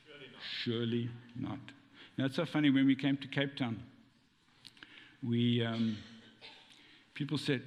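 A man's voice: mid-range voice, steady tone, measured pace, long pauses. A man preaching a conversational sermon, full of rhetorical questions and playful asides. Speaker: pastor. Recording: long hall reverb.

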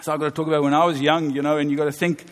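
A man's voice: on the high side, flat delivery, rapid-fire. Fifties man preaching in an echoing church. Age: 50s. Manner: conversational, joking with the congregation. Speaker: pastor. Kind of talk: sermon. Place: church hall. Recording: reverberant church hall.

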